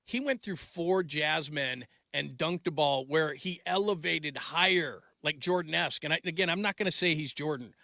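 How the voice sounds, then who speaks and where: Man in his 40s, sports talk host: forceful bright voice, slightly high, dry close sound, loose rambling delivery. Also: moderate pace, gravelly, hardly any pauses, no echo. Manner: rambling, restarts sentences, trails off mid-thought; gets loud and laughing when telling family stories.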